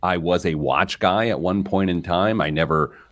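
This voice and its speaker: A man hosting a money talk show, chatting casually and poking fun at himself. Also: moderate pace. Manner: self-mocking, chatty, jumps in pitch when excited. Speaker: host.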